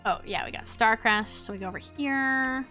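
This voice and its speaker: A woman's voice: a little high, normal speed, pushed and bright, soft background music. A woman streamer giving casual, playful commentary as she plays a video game, often talking to herself. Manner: playful, talks to herself while playing.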